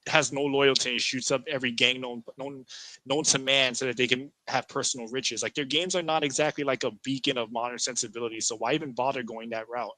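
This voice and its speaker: A man co-hosting a casual gaming talk show, opinionated and animated, often restarting his sentences. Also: medium pitch, a little fast, no room sound, poor audio. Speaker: podcast co-host.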